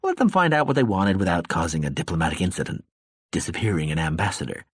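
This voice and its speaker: A man's voice: deep voice, sing-song, fast talker, breathy edge, no room sound, clean studio sound, voice pushed down, exaggerated voice. A man voicing a drunken male ambassador who rambles in a slurred, meandering way, sardonic and weary.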